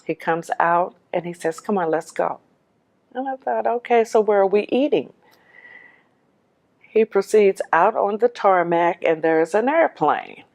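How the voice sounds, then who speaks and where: A woman telling her own life story in a lively, animated way, acting out the voices in the dialogue she recounts. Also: mid-range voice, unhurried, gravelly. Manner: laughs while telling. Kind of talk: personal storytelling.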